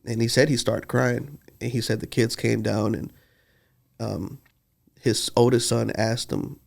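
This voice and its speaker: Earnest man with a gravelly voice. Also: medium pitch, steady tone, measured pace, a little mellow. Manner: earnest, heartfelt storytelling. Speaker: podcast co-host. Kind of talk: casual podcast conversation.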